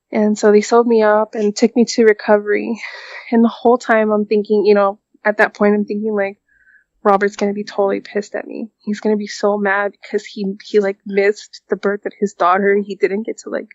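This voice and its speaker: A woman speaking as a podcast guest, recounting a personal story in a subdued, halting way and filling her pauses with "like" and "um". Her voice sits at an ordinary middle pitch. The recording is dry and a little muffled. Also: a little mellow, no echo. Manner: halting, full of "like" and "um".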